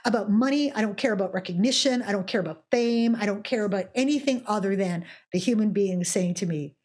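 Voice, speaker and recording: Emphatic woman with a husky voice. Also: medium pitch, a little fast, a little mellow. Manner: passionate, emphatic, repeats words. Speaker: author and guest. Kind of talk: podcast interview.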